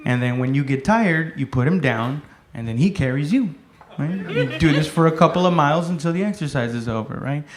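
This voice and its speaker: A man in his thirties doing stand-up, telling stories in a laid-back way, swearing often and shouting the lines of other people. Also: fairly high pitch, animated, a little fast, hardly any pauses, crowd noise. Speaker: stand-up comedian. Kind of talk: stand-up comedy set. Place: comedy club stage. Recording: echoey comedy club with loud laughter.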